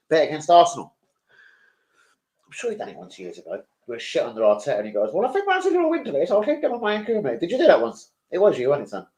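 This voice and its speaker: A middle-aged man, hosting a casual football fan livestream and bantering with viewers in a sweary, animated way. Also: fairly high pitch, rough recording. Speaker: football fan channel host.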